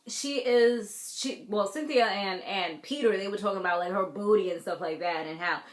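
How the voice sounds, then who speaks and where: An American woman from a Caribbean family, doing a casual reality TV recap in a sassy, animated way, talking straight to her viewers. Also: medium pitch, normal speed, roomy sound. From Caribbean family, raised in the US. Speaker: TV recap vlogger.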